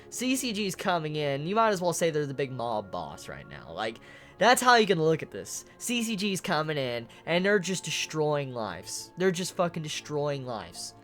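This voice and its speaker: A manga reviewer giving a casual, emotional spoken chapter analysis, excitable and swearing often. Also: mid-range voice, unhurried, faint music behind.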